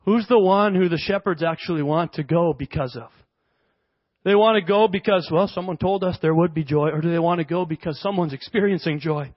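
A young man preaching a sermon as a pastor, animated and conversational with playful asides. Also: a little high, a little fast, no echo. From Canada. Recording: dry, dull lo-fi sound.

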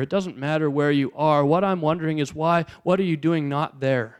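A pastor delivers his sermon in a high, resonant voice. He keeps it conversational, turning to the listeners again and again with rhetorical questions. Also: fairly quick, hardly any pauses.

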